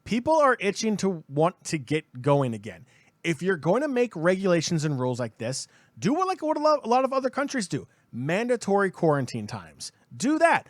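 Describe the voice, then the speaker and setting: A man's voice: sits high, wildly swooping pitch, normal speed, dry recording. Fired-up man ranting on a podcast. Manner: heated, emphatic, repeats himself. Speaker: podcast co-host. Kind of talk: opinionated podcast rant.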